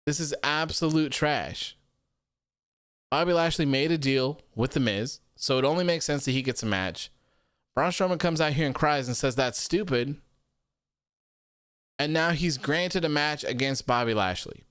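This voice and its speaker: A man's voice: fairly high pitch, lively intonation, fairly quick, a bit bright, clear, resonant tone, no room sound. A man hosting a live stream, talking bluntly and opinionatedly into a studio microphone and reading viewer comments aloud. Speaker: host of a wrestling show. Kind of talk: live-stream casual chat.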